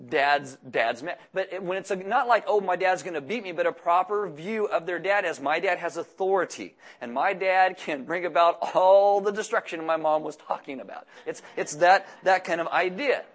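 A man preaching a sermon as the pastor of his church, talking to his congregation in a relaxed, conversational way with dry jokes between readings from scripture. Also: high voice.

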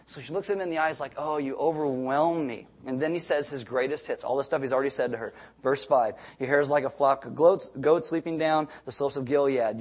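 A middle-aged pastor delivers a sermon in a relaxed, conversational way, often stopping to restart a phrase. His voice sits slightly high for a man and has a breathy, husky grain. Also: rough recording. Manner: conversational preaching with asides and restarts.

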